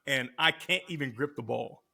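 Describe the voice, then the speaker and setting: A man in his thirties, a podcast guest and former quarterback, telling stories in a casual, slangy, animated way. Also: medium pitch, moderate pace, creaky. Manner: animated, slangy storyteller who acts out quotes. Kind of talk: casual storytelling.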